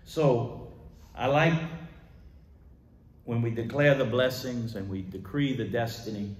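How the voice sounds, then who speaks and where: A man pastor preaching a sermon, moving between loud emphatic declarations and quiet asides. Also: medium pitch, slow, distant mic. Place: church sanctuary. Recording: echoey church hall.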